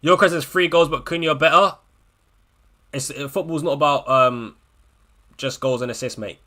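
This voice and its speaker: Ranting bright-voiced man. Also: normal speed. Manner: swings from low muttering to loud ranting; frustrated, swearing, repeats himself. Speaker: livestream host. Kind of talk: live fantasy football watchalong.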